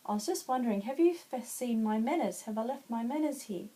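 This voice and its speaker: A woman voicing a polite little butterfly who has lost her manners, asking in a hesitant, halting way. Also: a little high, expressive, mellow, lightly acted.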